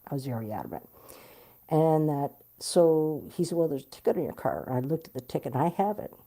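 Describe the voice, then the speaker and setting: A middle-aged woman telling a personal story in an interview, animated and blunt, swearing freely. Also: sits low, fairly quick, creaky. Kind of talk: candid storytelling.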